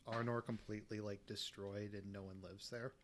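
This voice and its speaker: A man in a casual livestream chat, asking questions in a hesitant, halting way. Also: fairly low pitch, little pitch movement.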